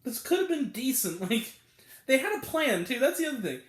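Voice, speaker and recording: Animated, high-voiced rambling male reviewer. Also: a little fast, roomy sound. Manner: animated, exasperated, rambling with many fillers. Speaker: movie reviewer. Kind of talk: casual spoken film review.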